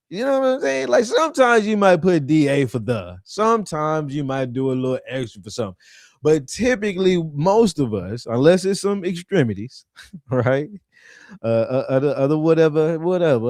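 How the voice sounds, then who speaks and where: A man's voice: fairly high pitch, very animated, normal speed, darkish tone, dry recording, studio quality. A man giving a casual, rambling history commentary on his own microphone, with profane, chuckling asides. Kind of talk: casual talk over documents.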